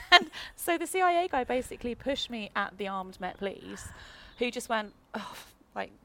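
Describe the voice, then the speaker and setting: A woman telling a lively anecdote in a casual podcast chat, often laughing and acting out what others said. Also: fairly high pitch, moderate pace, a little hiss or hum. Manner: lively anecdote teller, laughs often, acts out quoted voices. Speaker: guest.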